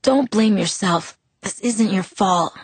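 A woman reading an audiobook, voicing a sick teenage boy who speaks in a weak, broken, hoarse whisper. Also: mid-range voice, normal speed, dry recording, lightly acted. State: ill, hoarse.

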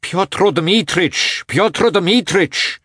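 A man's voice: high-pitched, very slow, a bit bright, breathy edge, no echo, clean studio sound, pitched above the performer's own voice, exaggerated voice. A man reading an audiobook, voicing a frantic young husband who pleads piteously with a doctor. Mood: pleading. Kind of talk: audiobook character voice.

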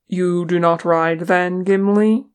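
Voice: mid-range voice, fairly even intonation, takes it slowly, clear, resonant tone, lightly acted. Aragorn, a reader voicing a firm ranger. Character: steady, commanding male ranger.

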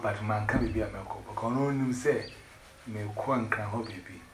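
A man rambling excitedly in casual chat, switching between pidgin English and Twi. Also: on the low side, normal speed. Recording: echoey room with loud background noise.

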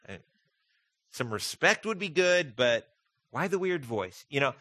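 Bright-voiced man preaching a sermon. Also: on the high side, sing-song, a little slow, no room sound. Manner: conversational, asks the congregation questions. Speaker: pastor.

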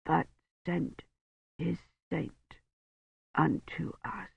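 A narrator voicing a dying, devout old male priest who murmurs slowly in a weak, slurred voice. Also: on the high side, little pitch movement, creaky, slightly rough, no room sound, muffled recording, exaggerated voice. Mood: faint. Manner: faint slurred murmur, slow and solemn. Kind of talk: audiobook reading.

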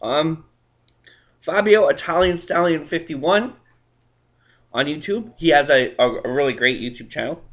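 A man's voice: on the high side, lively intonation, unhurried, pauses often, a bit bright, highs cut off. A man hosting a casual interview, upbeat and encouraging, with lots of short affirmations. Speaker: interview host.

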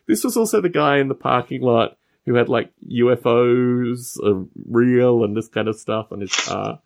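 A man's voice: mid-range voice, vocal fry. A man in casual podcast chat, telling wry stories with sarcastic asides. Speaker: podcast co-host.

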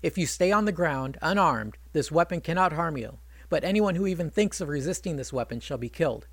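Authoritative storybook guide, calm and commanding, read by a man. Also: fairly high pitch, a little fast, no echo.

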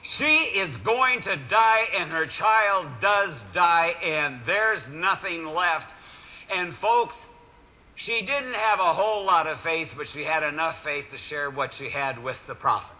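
A male pastor giving a lively sermon, acting out voices and swinging between loud and quiet. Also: fairly high pitch, takes it slowly, low-quality recording.

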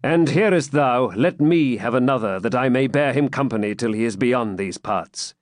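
A man voicing a grave young pilgrim who speaks with quiet authority in old-fashioned words. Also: mid-range voice, lively intonation, normal speed, no room sound, close to an everyday voice. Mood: urgent. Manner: grave, commanding, archaic speech. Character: stern commanding male pilgrim, young warrior.

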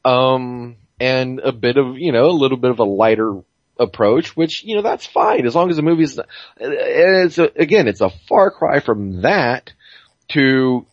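A man's voice: mid-range voice, expressive, measured pace, no echo. A man chatting on a gaming podcast. He rambles and swears, stacks up fillers and restarts, and sounds dull and close on a dry, lo-fi home mic. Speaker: podcast co-host. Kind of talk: casual gaming podcast chat.

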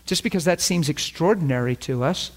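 A man's voice: fairly high pitch, a little fast. A middle-aged man preaching a sermon, telling a story and acting out the dialogue.

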